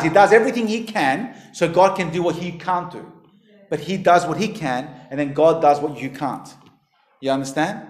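A man preaching a sermon earnestly, rising to emphatic peaks and then dropping low and quiet. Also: reverberant.

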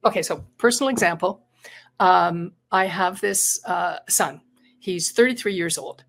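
A woman's voice: fairly low pitch, a little slow, gravelly. Earnest middle-aged woman telling a story. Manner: earnest, reflective, repeats words while thinking. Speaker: guest, retired psychotherapist and coach. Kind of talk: conversational interview, personal storytelling.

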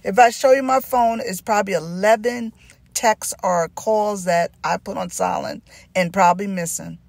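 A woman's voice: medium pitch, fairly even intonation, normal speed, vocal fry, no room sound. A middle-aged woman with a Southern US accent, giving an informal sermon with emphatic repetition. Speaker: Christian teacher.

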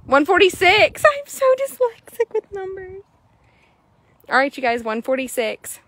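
A woman, chatting excitably to viewers while showing a horse for sale in an arena. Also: very high voice, a little slow, no echo. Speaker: horse seller. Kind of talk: casual sales chat while riding.

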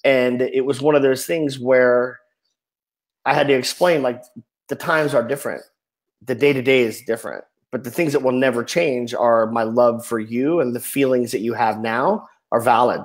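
A man in his forties speaking as a podcast guest, earnest and emotional, often trailing off softly. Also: medium pitch, fairly even intonation, moderate pace, poor audio. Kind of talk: candid personal storytelling.

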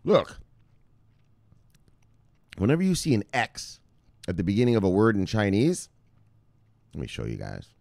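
A man hosting a casual crypto news vlog, excitable and profane, with frequent laughing asides. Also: lowish voice, normal speed, gravelly, pauses often, dry recording. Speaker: host.

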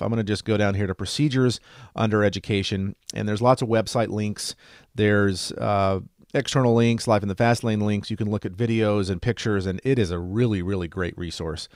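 Brief: male emergency medicine educator, lowish voice, chatty and upbeat, dry close sound. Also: no room sound. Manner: chatty and enthusiastic, light joking. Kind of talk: casual screen-share lesson.

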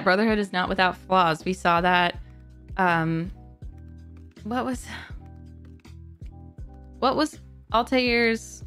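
This woman, a gaming YouTuber, chats casually to camera about a book she's a fan of. Her medium-pitched voice is fairly bright, and she gushes and rambles, dropping "like" constantly along with the occasional swear word.

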